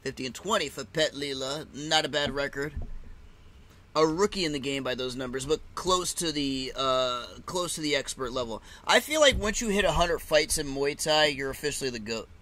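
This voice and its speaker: Man, live fight reaction streamer, bright forceful voice, loose swearing chatter. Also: on the high side, animated, moderate pace. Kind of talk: casual live reaction chat.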